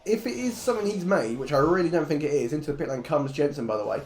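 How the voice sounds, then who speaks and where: Lively, jokey male race commentator. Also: fairly high pitch, fast. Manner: jokey, blunt, swears freely. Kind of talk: live esports race commentary. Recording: roomy echo, faint music behind.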